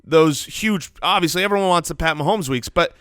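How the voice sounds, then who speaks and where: A man co-hosting a fantasy football podcast, animated and playful, joking between stats. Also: a little high, a little fast, no echo, clean studio sound. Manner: animated, playful, jokes and sings snippets. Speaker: podcast co-host.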